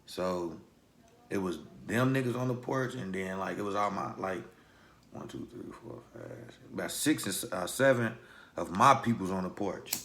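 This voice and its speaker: Lowish-voiced man telling a street story. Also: moderate pace, a little hiss or hum. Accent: Louisville, Kentucky. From Louisville, Kentucky. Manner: street slang, animated retelling with acted quotes. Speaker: vlogger. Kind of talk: casual storytelling.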